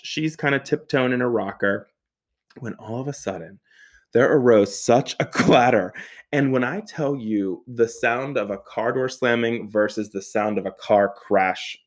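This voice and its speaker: A young man telling a comic personal story, animated, laughing often, swearing and making quick asides. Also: mid-range voice.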